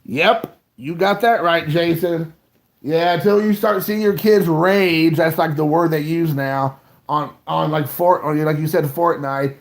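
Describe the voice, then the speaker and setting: A man's voice: fairly high pitch, fairly even intonation, measured pace. A man in his thirties, co-hosting a podcast, telling a rambling, self-mocking childhood story in casual chat.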